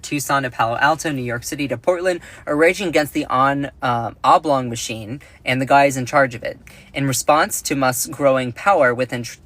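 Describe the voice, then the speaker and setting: A man's voice: medium pitch, a bit bright. A man hosting a casual political commentary livestream, chatty and jokey, giggling at his own jokes and reading out the news. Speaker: livestream host.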